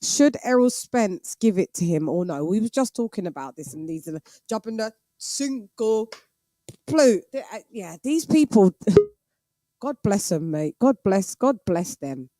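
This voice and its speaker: A woman's voice: medium pitch, animated, measured pace, mellow, no room sound. A woman hosting a boxing live stream, blunt and exasperated, swearing freely. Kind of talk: casual live-stream chat.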